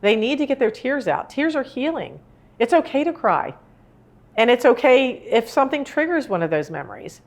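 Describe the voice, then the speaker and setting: A woman's voice: high-pitched, big pitch swings, normal speed. A woman in her sixties giving a live talk on grief, speaking in an earnest, rambling, conversational way. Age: 60s. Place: indoor room with a live audience.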